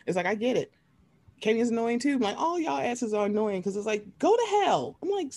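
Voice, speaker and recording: Animated, profane woman recapping reality TV. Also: on the high side, brisk. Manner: animated, profane, acts out voices in quotes. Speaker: podcast co-host. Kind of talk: casual reality-TV recap chat.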